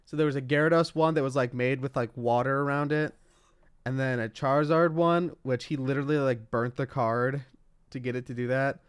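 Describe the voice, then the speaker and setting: A young man co-hosting a casual podcast chat, with an ordinary mid-pitched voice. He rambles loosely, leans on filler words and laughs easily. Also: steady tone, fairly quick, clean tone. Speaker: podcast co-host.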